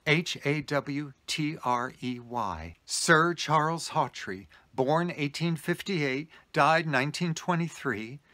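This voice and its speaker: A man hosting a storytelling vlog, telling an anecdote in an expressive way with frequent laughter. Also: medium pitch. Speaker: storyteller host.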